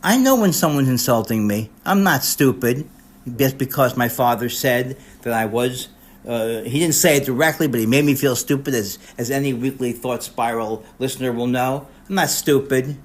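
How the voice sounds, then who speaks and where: A man's voice: mid-range voice, moderate pace. An older man, a comedian, doing a mock roast in a rambling comic monologue, often cutting himself off and restarting his sentences with sarcastic asides. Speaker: comedian recording a personalized video message.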